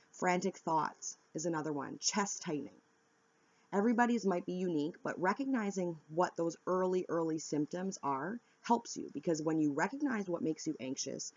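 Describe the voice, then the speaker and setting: A woman's voice: on the low side, a little mellow, no echo, lo-fi sound. A woman wellness vlogger giving earnest, candid self-help advice to viewers. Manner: earnest, coaching, direct and candid. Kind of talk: instructional self-help talk.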